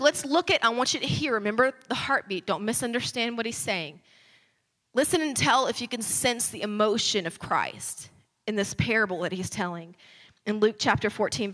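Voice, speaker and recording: High bright woman preaching in a hall. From United States. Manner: conversational, builds to fervent emphasis. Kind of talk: sermon. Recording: long hall reverb.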